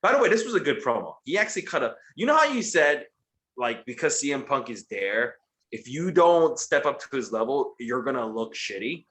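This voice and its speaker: A young man in a casual post-show chat, recapping a wrestling show in a profane, animated way. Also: medium pitch, moderate pace. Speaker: podcast co-host.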